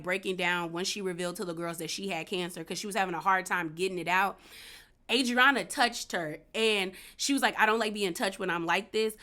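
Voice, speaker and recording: A woman recapping a reality show in a casual, opinionated way, full of slang and asides. She speaks in with a bright, forward voice at an ordinary pitch for a woman.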